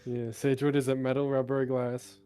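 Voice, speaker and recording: A man teasing his friends with deadpan crude jokes during a tabletop game. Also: mid-range voice, brisk, clean tone, faint music behind. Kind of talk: casual chat at a tabletop game.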